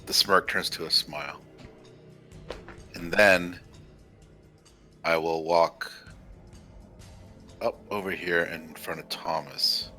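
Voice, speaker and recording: A man's voice: deep voice, steady tone, takes it slowly, pauses often, bright, forceful tone, soft background music. A man playing a tabletop role-playing game, smug and playful in character. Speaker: player.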